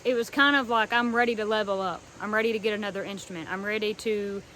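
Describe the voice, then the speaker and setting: A young woman from North Carolina talking earnestly and warmly about a treasured fiddle, with soft pauses and frequent ums. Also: medium pitch, fairly even intonation, a little hiss or hum, low-quality recording. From North Carolina, USA. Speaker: fiddler showing her instrument. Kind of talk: casual heartfelt talk to camera.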